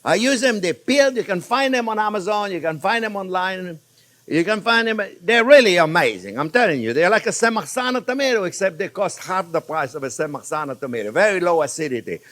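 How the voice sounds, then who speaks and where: A man from Provence with a French accent, hosting a chatty, animated cooking demonstration in his kitchen and talking to viewers as friends. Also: sits high, brisk. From Provence, France. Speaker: cooking show host. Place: home kitchen in Florida.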